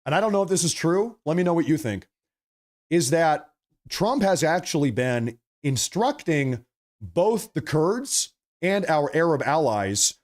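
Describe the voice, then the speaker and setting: Man, livestream host, slightly high voice, animated, repetitive, slight cough. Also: a little slow. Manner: animated, repeats phrases, apologetic asides. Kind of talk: casual livestream commentary reading viewer chats.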